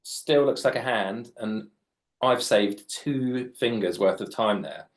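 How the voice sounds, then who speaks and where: A children's author in his late 40s draws live for young readers, chatting, joking, and explaining as he goes. He speaks slowly in a mid-range voice.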